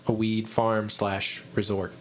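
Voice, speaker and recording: A man hosting a podcast, chatting casually in a rambling, animated way with frequent restarts. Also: lowish voice, slow pace, slight background noise, rough recording. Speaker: podcast host. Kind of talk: casual conversation.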